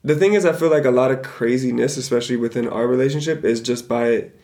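A young man co-hosting a casual podcast, talking in a relaxed, rambling way with plenty of filler words. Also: medium pitch, quick pace. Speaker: podcast co-host. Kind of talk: casual chat.

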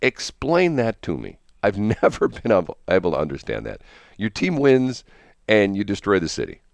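Man, radio host, very deep voice, casual rambling morning chat, chuckles, dry sound. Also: huge pitch swings, moderate pace, gravelly, no room sound. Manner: rambling, chuckling, many restarts.

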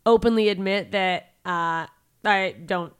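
A woman's voice: medium pitch, a little slow, clear, resonant tone. A woman hosting a casual interview chat, laughing often and acting out quotes from other people. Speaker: podcast host.

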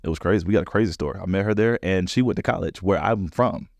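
With a low pitch and some vocal fry, a male comedian guest talks fast while telling stories in a relaxed interview, voicing other people's lines with animation. The audio is studio quality with no room sound.

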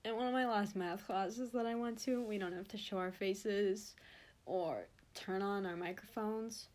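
A woman's voice: medium pitch, steady tone, measured pace, darkish tone. A young woman hosting her own podcast, talking in an earnest, rambling and openly emotional way. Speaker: podcast host. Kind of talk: casual podcast monologue.

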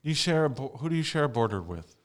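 A man in relaxed podcast talk, spinning anecdotes in a loose, chatty way. His pitch is ordinary for a man. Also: fast talker. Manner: chatty, laughs through his own anecdotes. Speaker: podcast co-host. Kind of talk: casual chat.

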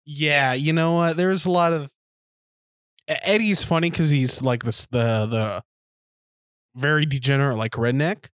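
Guy with a higher voice rambling dirty jokes on a podcast, dry sound. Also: measured pace, pauses often, a bit bright, clear, resonant tone, no room sound. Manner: crude, off-color, meandering. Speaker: podcast co-host. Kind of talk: casual movie-review chat.

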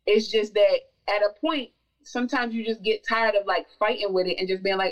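A woman's voice: medium pitch, steady tone, fairly quick, distant mic, lo-fi sound. A woman speaking as a podcast guest, talking passionately and emphatically, repeating words for stress. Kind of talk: casual podcast conversation.

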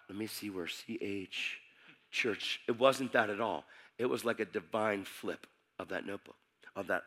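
A man's voice: on the low side, sharp tone. A middle-aged man preaching his testimony as a sermon, telling his story intensely and acting out the dialogue.

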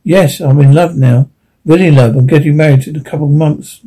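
Tearful young fiancée, small shaky voice, husky tone, read by a man. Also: fairly high pitch, fairly even intonation, fairly quick, mellow, low-quality recording. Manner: trembling, small voice. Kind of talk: audiobook reading.

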